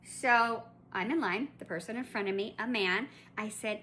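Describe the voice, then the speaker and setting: Bright-voiced woman ranting through a story. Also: mid-range voice, moderate pace, few pauses, a little hiss or hum. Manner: chatty and indignant, with restarts and asides. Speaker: collector vlogger.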